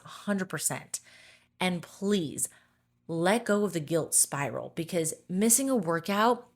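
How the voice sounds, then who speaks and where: A woman hosting her own fitness podcast, talking in an encouraging, upbeat way and often checking in with "okay?". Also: lowish voice. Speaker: podcast host, fitness coach. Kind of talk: solo podcast talk.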